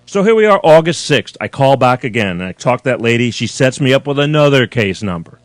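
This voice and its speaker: A man's voice: medium pitch, very animated, a little fast, no room sound. A man hosting a live call-in show, complaining in an exasperated, rambling, profane way to his viewers. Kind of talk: live-streamed rant to viewers. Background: faint chill music.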